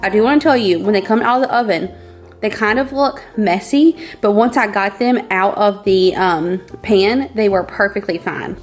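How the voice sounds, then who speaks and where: A woman's voice: mid-range voice, moderate pace. A woman hosting a casual cooking vlog from her home kitchen, bubbly and gushing. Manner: bubbly, gushing, says y'all often. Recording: roomy kitchen echo, faint music.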